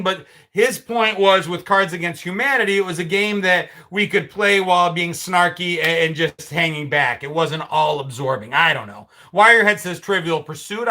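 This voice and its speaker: A man's voice: high-pitched, pushed and bright. A middle-aged man hosting a live stream, chatting casually and answering viewer comments with sarcastic asides. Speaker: livestream host.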